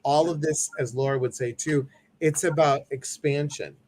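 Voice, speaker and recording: A man hosting a casual chat, telling stories in an animated way and acting out the people in them. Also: on the high side, normal speed. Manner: animated storytelling, acts out voices. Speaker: host.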